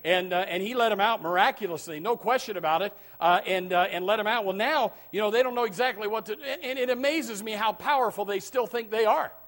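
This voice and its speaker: A man preaching a sermon, swinging from loud, emphatic preaching to low, quiet asides, often calling out amen and repeating words as he starts his sentences. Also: fairly quick, hardly any pauses. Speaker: pastor.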